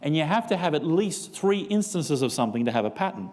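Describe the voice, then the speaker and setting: A man's voice: a little high, sing-song, quick pace, darkish tone, long reverb tail. A man preaching a seminar sermon, telling a story and acting out both sides of a conversation. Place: church.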